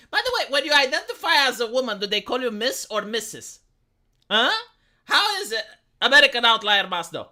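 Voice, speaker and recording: Streamer, young man, Romanian accent, squeaky and bright, stumbling restarts, reads chat mid-ramble. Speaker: live streamer. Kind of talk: casual stream commentary.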